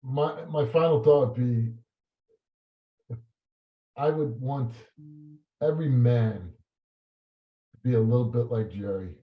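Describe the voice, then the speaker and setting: A man in an interview, telling stories and reminiscing in a halting way, with many fillers and restarts. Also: mid-range voice. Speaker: talk show host as guest. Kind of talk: reflective interview answers. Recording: roomy and slightly dull sound.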